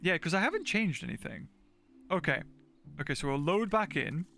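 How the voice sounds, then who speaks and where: A man's voice: high voice, expressive, normal speed, bright, forceful tone, soft background music. A man chatting casually while streaming gameplay, thinking aloud, laughing often and talking to his chat. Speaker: game streamer. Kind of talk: casual livestream gameplay commentary.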